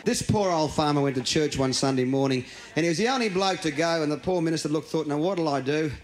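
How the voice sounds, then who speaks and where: A man's voice: fairly high pitch, fast talker. An Australian man doing stand-up, telling jokes cheekily and chuckling between punchlines. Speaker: stand-up comedian.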